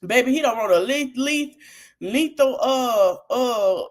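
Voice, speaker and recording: A woman hosting a podcast, talking to her audience in an animated, casual way about politics and laughing often. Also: fairly high pitch, slow pace. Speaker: podcast host.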